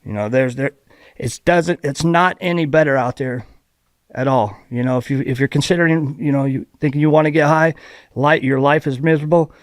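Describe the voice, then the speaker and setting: A man from Ohio speaking as a podcast guest, telling his recovery story in a halting, heartfelt way with many restarts. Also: fairly high pitch, no echo. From Ohio, USA. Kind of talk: candid personal recovery story.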